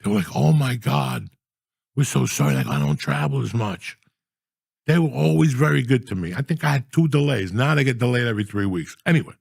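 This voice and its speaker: 60s guy, gravelly husky voice, swears a lot, ranting funny stories, dry close sound. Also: mid-range voice, quick pace, dry recording. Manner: profane, animated, mock-outraged rants. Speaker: podcast guest storyteller. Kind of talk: casual comedic storytelling.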